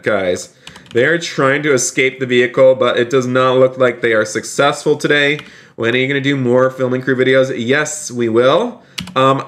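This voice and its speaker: A man's voice: medium pitch, a bit bright. A man hosting a live game stream, talking cheerfully to his chat and speaking politely and formally as he plays a police officer. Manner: upbeat, keeps addressing the chat as "you guys". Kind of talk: live game-stream commentary with role-play.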